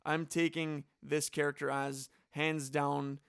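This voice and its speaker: A man's voice: fairly high pitch, little pitch movement, slow pace, gravelly, a bit bright, smooth, dry recording, studio quality. A man casually chatting on a podcast, talkative and enthusiastic, full of "like" fillers. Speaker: podcast co-host drafting movie characters.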